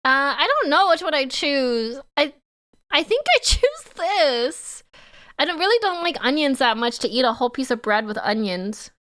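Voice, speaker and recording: High, lively woman streamer. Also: a little fast, few pauses. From Canada. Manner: playful, exclaiming, teasing chat. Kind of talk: live-stream reaction commentary.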